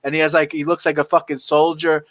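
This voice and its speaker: A man's voice: fairly high pitch, little pitch movement, quick pace, no echo. A man in profane casual chat on a stream, telling crude, heated stories and laughing through his rants.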